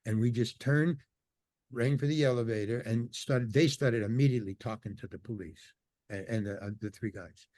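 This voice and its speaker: A man's voice: medium pitch, normal speed, darkish tone, no room sound. Older guy spinning a yarn on a podcast, acts out the voices, dry close mic. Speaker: podcast guest. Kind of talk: casual storytelling interview.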